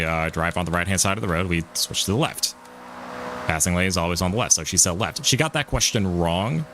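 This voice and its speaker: Over a noisy background, a young man with a low voice chats during a live stream of a driving game. His talk rambles and restarts, peppered with frequent swearing and laughter.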